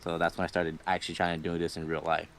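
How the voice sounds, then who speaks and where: A man's voice: low voice, monotone, quick pace, fairly bright tone. A young man casually telling a personal ghost story on a livestream, rambling, swearing freely and laughing between lines. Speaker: guest storyteller.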